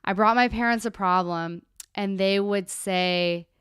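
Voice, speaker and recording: Candid, very clear-voiced woman streaming. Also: mid-range voice, unhurried, no echo, studio quality. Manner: chatty, candid, animated asides. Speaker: therapist streamer. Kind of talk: casual live-stream Q&A.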